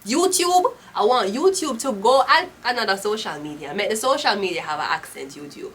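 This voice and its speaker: Blunt, bright-voiced Jamaican woman. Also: mid-range voice, lively intonation, a little fast, slight background noise. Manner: blunt, profane, rambling. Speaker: tarot reader. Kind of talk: casual tarot reading monologue.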